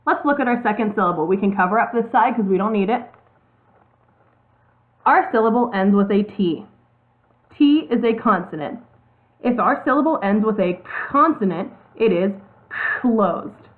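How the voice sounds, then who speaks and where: A woman's voice: medium pitch, lively intonation, normal speed, pauses often. Female teacher, patient step-by-step delivery, letters spelled out, narrow phone-like sound. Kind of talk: classroom video lesson. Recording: tinny phone-like audio.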